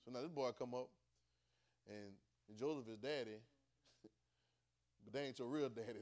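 Dialect-speaking preacher swinging from soft to loud. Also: male voice, mid-range voice, normal speed, pauses often. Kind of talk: sermon.

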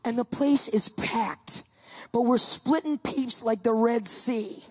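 A woman telling a comic story in an animated, emphatic, dramatic way. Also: a little high, slow.

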